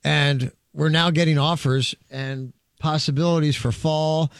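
Gravelly, excitable concert promoter man. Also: on the high side, a little slow, no room sound, studio quality. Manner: excited storyteller, quotes people, repeats words. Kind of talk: casual radio chat.

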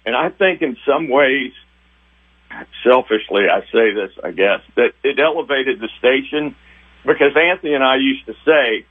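An older man, a retiring TV sports director, reminiscing with emotion in a rambling, halting way. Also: mid-range voice, husky. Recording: tinny phone line.

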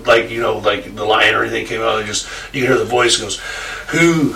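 A man's voice: fairly low pitch, flat delivery, fast talker, creaky, pushed and bright. Rambling man in an echoey room. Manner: rambling, laughing, swears freely. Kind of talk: casual storytelling. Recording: echoey room, distant mic, faint noise.

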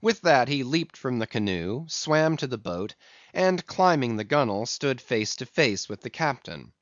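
A man's voice: mid-range voice, animated, moderate pace, no room sound, highs cut off. Man reading a classic novel aloud. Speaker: audiobook reader. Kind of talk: scripted narration.

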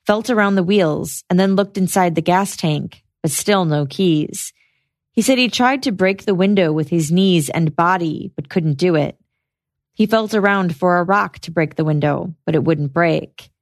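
A woman hosting a podcast, giving a measured, scripted narration of a trial's testimony. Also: fairly low pitch, dry recording, studio quality. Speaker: podcast host. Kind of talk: scripted true-crime narration.

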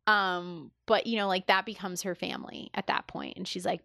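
A woman's voice: fairly low pitch, normal speed, gravelly, hardly any pauses, a bit bright, no echo, studio quality. A woman in casual podcast chat, talking enthusiastically with lots of fillers and acting out quoted lines. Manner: enthusiastic, filler-heavy, acts out quoted dialogue.

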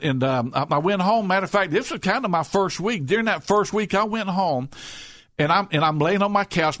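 A middle-aged man talks earnestly about his work, his voice sitting somewhat high for a man. He restarts and repeats words often as he tells his stories. The sound is dry and close, with no room around it. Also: fairly bright tone, no room sound. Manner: earnest storyteller with many restarts and repetitions. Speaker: rescue mission director, guest. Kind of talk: conversational radio interview.

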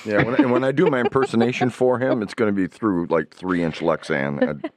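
A man's voice: on the low side, brisk, dry recording. A man in casual talk-show chat, joking and teasing his co-hosts.

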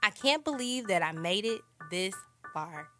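A woman's voice: mid-range voice, animated, measured pace, sharp tone. An actress voicing an earnest, upbeat young woman starting college, narrating with heartfelt expression over a music score. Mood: amazed. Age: young adult. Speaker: lead character and narrator. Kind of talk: audio drama narration and dialogue.

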